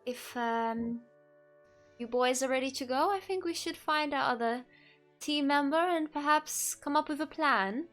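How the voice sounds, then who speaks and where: A woman's voice: high voice, a little slow, fairly bright tone, faint music behind. A woman player in a tabletop game, hesitant and giggly in casual chat.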